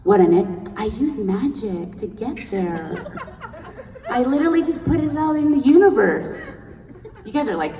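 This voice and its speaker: A young woman giving a blunt, energetic motivational talk on stage and leading the crowd in chanted affirmations, heard in a large event hall. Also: on the high side, unhurried. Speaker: sales team leader and motivational speaker. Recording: echoey hall recorded from far off.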